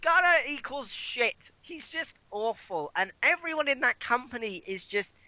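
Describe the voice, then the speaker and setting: A British man with a bright voice that rises and falls a lot. He co-hosts a podcast in casual chat and is blunt, swearing freely. The recording is dry. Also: extremely high pitch, animated, normal speed, no echo. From Britain. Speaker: podcast co-host.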